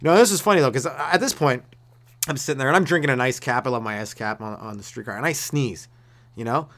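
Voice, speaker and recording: With a fast, mid-range voice that's a touch bright, a stand-up comic wanders through a relaxed, rambling rant on his solo show, doubling back to restart lines and performing different voices.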